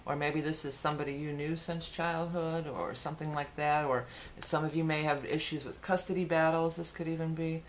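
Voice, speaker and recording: Woman tarot reader, deep voice, chatty and rambling, faint hiss behind. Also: steady tone, brisk, hardly any pauses. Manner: chatty, rambling, with many fillers and restarts. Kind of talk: casual monthly tarot forecast.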